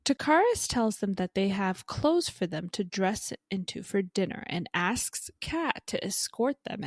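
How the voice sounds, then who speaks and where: A woman's voice: medium pitch, no room sound, clean studio sound. A woman co-hosting a podcast, recapping a book chapter by chapter in a chatty way, swearing freely and reading out quoted lines. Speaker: podcast co-host.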